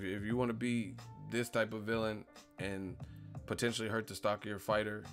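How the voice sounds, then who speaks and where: Brief: male streamer host, low gravelly voice, profane disbelieving rant, soft music underneath. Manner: ranting, profane, incredulous, laughing at his own points. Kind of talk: casual live-stream commentary.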